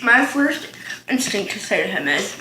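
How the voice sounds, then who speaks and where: A woman's voice: medium pitch, sing-song, normal speed, bright, forceful tone, a little hiss or hum. A teenage girl chatting casually to her camera in a home kitchen, rambling off on tangents with lots of ums and likes. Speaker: vlogger. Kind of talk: casual storytime chat. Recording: echoey room.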